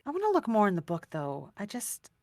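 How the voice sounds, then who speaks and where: A woman's voice: mid-range voice, wildly swooping pitch, a little fast, dark tone, dry recording, clean studio sound. A woman player in a tabletop game, thoughtful and musing aloud over a voice call. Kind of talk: casual game chat.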